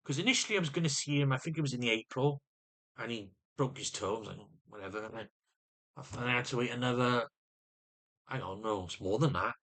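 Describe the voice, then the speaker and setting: Guy ranting into his camera, bright sharp voice, keeps tripping over his words and starting again. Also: mid-range voice, fast talker. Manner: agitated, restarts and repeats words often. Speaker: vlogger. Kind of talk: venting monologue to camera.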